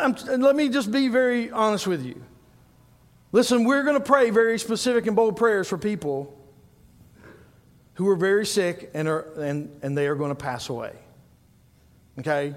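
A middle-aged pastor, preaching in a strikingly high voice. He tells lively stories and builds to loud, emphatic points. His voice rings out with a long reverb from the hall around him. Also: measured pace, pauses often. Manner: animated storytelling, laughing at his own stories, rising to loud emphasis. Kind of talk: sermon.

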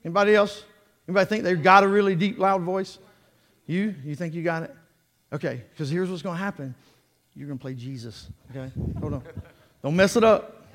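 A man preaching a sermon, animated and joking as he draws the congregation in. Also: high voice, fairly quick, long pauses. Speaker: pastor. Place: church sanctuary. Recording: long reverb of a church hall.

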